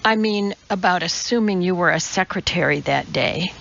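A woman's voice: on the low side, vocal fry, a bit bright, lo-fi sound, a little hiss or hum. A woman reading an audiobook, voicing a flustered, embarrassed male scientist who is ill and talks weakly. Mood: sheepish. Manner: weak, embarrassed, halting.

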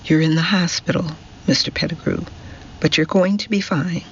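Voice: mid-range voice, normal speed, muffled recording, a little hiss or hum, lightly acted. A man voicing a kindly hospital carer who speaks in a soothing, reassuring way.

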